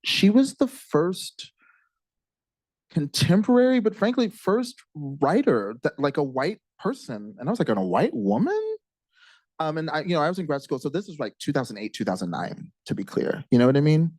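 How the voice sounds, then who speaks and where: An American man, a writer and co-teacher, talking casually and emphatically onstage, swinging high and swearing. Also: sing-song, moderate pace, a little mellow, no echo. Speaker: writer and co-teacher at a panel talk.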